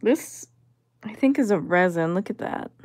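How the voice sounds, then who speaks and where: A woman's voice: medium pitch, lively intonation, a little slow, a little mellow, no room sound, studio quality. A woman vlogger giving casual commentary as she sorts vintage jewelry, musing and appraising each piece aloud.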